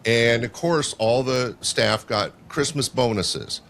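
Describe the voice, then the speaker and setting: A man's voice: medium pitch, slow pace, vocal fry, fairly bright tone. An older man spins a story as a podcast guest, chatty and rambling. His voice sits in a middling range, with a faint hum of background noise. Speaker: guest, show producer. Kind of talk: casual storytelling in a podcast interview.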